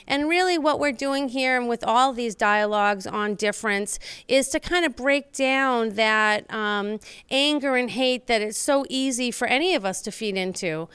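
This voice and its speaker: A woman hosting a local talk show speaks earnestly, with a rather high and very smooth, resonant voice. She rambles, restarts and fills gaps with ums. The sound is dry and close. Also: normal speed, few pauses, a bit bright, no room sound. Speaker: host and local elected official. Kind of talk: studio talk show monologue.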